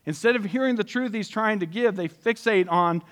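A man preaching a conversational sermon, reading scripture aloud and explaining it, dropping his voice soft and slow for emphasis. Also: sits high.

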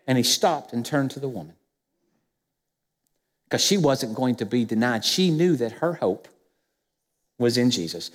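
A man's voice: mid-range voice, expressive, a little slow, pauses often. A male pastor preaching a sermon in a church sanctuary, speaking with emphasis and putting rhetorical questions to the congregation. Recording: long reverb of a church hall.

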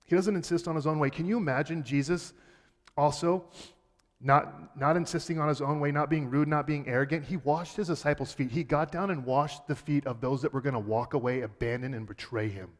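A man's voice: on the high side, brisk. A man preaching in an echoing hall. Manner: earnest preaching, swings from quiet to emphatic. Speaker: pastor. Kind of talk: sermon.

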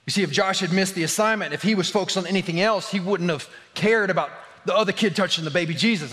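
A man's voice: a little high, a bit bright, in a large hall. A man preaching a sermon as a pastor, telling a funny story with lots of laughter and filler words. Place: church.

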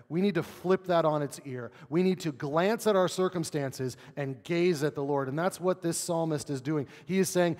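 A man preaching a sermon as pastor, earnest, asking rhetorical questions and dropping quiet to read scripture. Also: a little high, moderate pace, hardly any pauses. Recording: long hall reverb.

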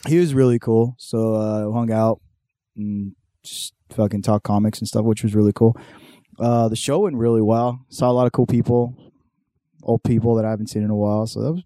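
Young socal dude on a podcast, warm low-key voice, swears a lot, acts out the people in his story. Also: steady tone, normal speed, no room sound, clean studio sound. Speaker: podcast host. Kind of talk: casual chat.

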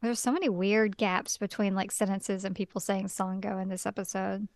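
A woman's voice: medium pitch, flat delivery, normal speed, darkish tone, dry recording. Playful woman co-hosting an anime podcast. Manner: playful, laughs often, sarcastic asides. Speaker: podcast co-host. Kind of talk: casual recap chat.

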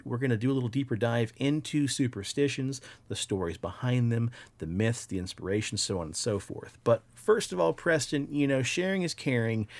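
A young adult man co-hosting a podcast, talking in a laid-back way with casual swearing and fillers. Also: medium pitch. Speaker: podcast co-host.

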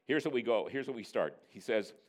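A man from Northern Ontario, Canada, preaching a sermon and telling stories with lively delivery. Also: medium pitch, brisk. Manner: animated storyteller, voicing characters in dialogue. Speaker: pastor. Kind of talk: sermon with storytelling.

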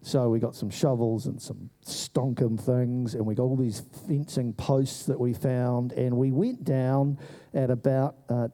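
A man telling a story in a sermon, acting out the voices of the people in it. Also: medium pitch. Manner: animated storyteller who acts out voices. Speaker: preacher.

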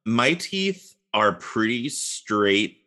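A man riffs through casual podcast chat, tossing out jokes and goofy bits. His voice sits a little low but sounds bright and forward. He talks loosely, and his jokes tumble out fast. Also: sing-song. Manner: joking, riffs with silly voices.

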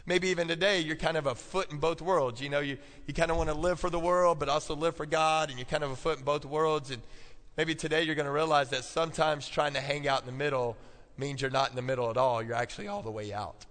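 A man's voice: on the high side, fairly even intonation, fast, fairly bright tone. A male pastor preaching a sermon, calling out to the congregation and repeating key points for them to write down. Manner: call-and-response preaching, repeating points for note-taking. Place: church. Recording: long church hall reverb.

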